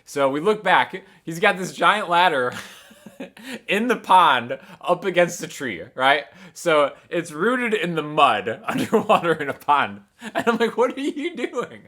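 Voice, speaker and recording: A man hosting a guitar channel, casually telling an animated story and chuckling often. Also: on the high side, measured pace.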